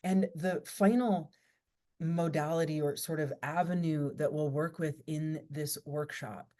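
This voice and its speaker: A woman with a low, mellow voice speaks slowly and deliberately. She builds her points in measured, rhythmic lists, like a workshop teacher reflecting aloud. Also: fairly even intonation. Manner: slow, measured, incantatory phrasing in lists. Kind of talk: reflective spoken talk.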